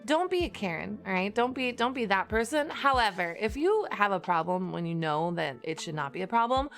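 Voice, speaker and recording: A woman streamer chatting casually and giving advice to her viewers, her voice a little rough from just waking up. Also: mid-range voice, animated, fairly quick, hardly any pauses, a bit bright. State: slightly rough just-woke-up voice. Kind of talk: casual chat.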